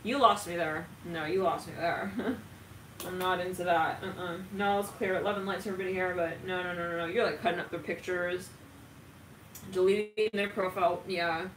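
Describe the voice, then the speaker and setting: A woman giving a casual tarot reading, animated, laughing often and swearing. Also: lowish voice, fairly quick. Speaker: tarot reader. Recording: roomy, distant from mic, faint ambient noise.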